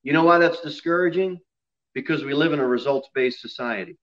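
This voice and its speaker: A man preaching an expository sermon in a church, dropping low and quiet on solemn lines and rising loud on emphasis. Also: brisk, muffled recording. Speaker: pastor. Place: church sanctuary.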